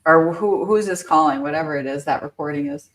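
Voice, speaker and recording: A woman with a fairly low voice chats over a video call. She's brash and joking as she rallies her team between calls, casual and blunt. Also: fairly quick. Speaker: real estate agent hosting a prospecting session.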